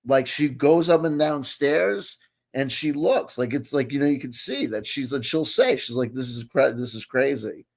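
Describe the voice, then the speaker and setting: A man in his late forties rambles through casual reaction commentary, swearing freely and checking in with his listener again and again. His voice sits a little high, with a gravelly, creaky edge. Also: lively intonation, normal speed, a little mellow. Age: 40s. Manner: rambling, profane, keeps asking "you know what I mean". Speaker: host.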